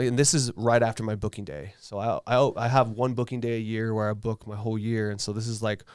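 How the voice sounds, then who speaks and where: A man's voice: lowish voice, steady tone, fast talker, hardly any pauses, a little mellow, clear, resonant tone, no room sound, clean studio sound. A man telling a personal story in casual podcast chat, blunt and laid-back, with lots of fillers and swearing. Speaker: tattoo artist guest.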